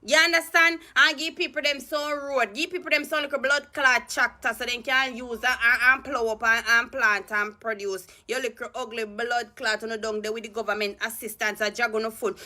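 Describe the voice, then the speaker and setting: A woman's voice: on the high side, sharp tone. A woman with a Jamaican accent, ranting angrily about politics in a heated, cursing, mocking way. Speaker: political commentary vlogger. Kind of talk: angry ranting commentary in Patois.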